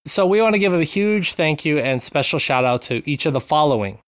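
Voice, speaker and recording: A man's voice: fairly high pitch, animated, fairly quick, no room sound, clean studio sound. A man hosting a casual podcast, joking around and reading out supporter thanks with mock sincerity. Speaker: podcast host.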